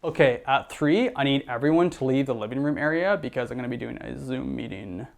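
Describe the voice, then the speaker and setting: A man's voice: medium pitch, fairly quick, gravelly, few pauses. A man performing satirical sketch comedy, switching between many characters.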